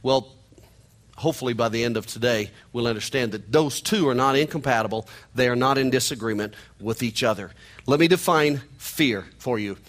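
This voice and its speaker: A man's voice: medium pitch, normal speed, a bit bright. A middle-aged man with a nasal Missouri twang preaching a sermon in a conversational, joking way. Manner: conversational, joking asides to the congregation. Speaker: pastor.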